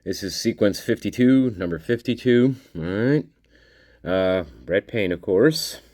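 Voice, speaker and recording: A man hosting a channel and commenting casually on documents, rambling, repeating himself and addressing his viewers warmly. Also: on the low side, lively intonation, measured pace, dry recording, studio quality. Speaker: channel host.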